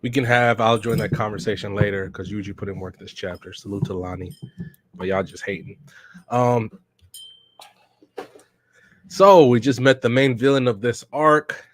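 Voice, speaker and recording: A man casually reading a manga aloud for a reaction podcast, narrating scenes in slangy, relaxed speech and reading character lines without much change in voice. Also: fairly low pitch, normal speed, long pauses. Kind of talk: casual read-along reaction.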